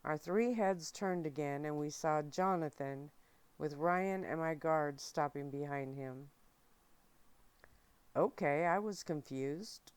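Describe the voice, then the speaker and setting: A woman giving a soft, steady ASMR reading of a novel aloud, close to the mic. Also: sits low, smooth, no echo. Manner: soft, steady, unhurried narration. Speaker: audiobook reader.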